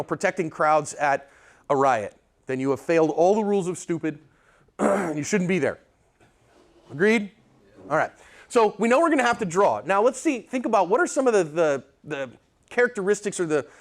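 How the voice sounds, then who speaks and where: A man teaching a live pistol class, blunt and emphatic, often checking in with his students as he lectures. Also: fairly high pitch. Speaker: firearms instructor.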